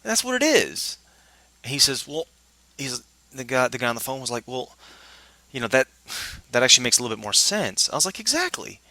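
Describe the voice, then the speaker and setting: A man's voice: medium pitch, fairly quick, long pauses, sharp tone, dry recording. A man telling a personal work story in a casual monologue, frustrated and indignant, acting out the dialogue he quotes.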